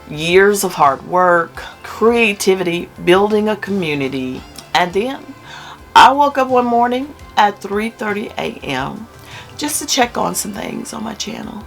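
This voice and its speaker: An older woman talking to her viewers in an emotional vlog, swinging between hushed lines and emphatic ones. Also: fairly low pitch, expressive, unhurried, soft background music. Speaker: YouTube content creator.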